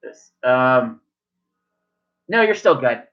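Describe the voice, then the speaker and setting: A man voicing a loud, jolly old male gnome grandfather at a tabletop game, in a lo-fi recording. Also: medium pitch, sing-song, slow, soft background music. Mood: jovial. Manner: hollering, boisterous.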